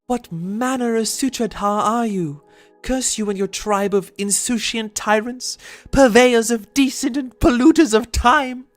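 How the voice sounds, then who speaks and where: A man's voice: very high voice, a little slow, soft background music, pitched above the performer's own voice. A man voicing a weary, furious ghost trapped in time, speaking in a theatrical, anguished way.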